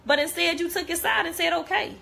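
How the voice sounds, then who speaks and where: Bright-voiced young woman, heated blunt rant. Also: extremely high pitch, a little fast, vocal fry. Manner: blunt, repetitive, heated, profane. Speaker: vlogger. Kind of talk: direct-to-camera rant.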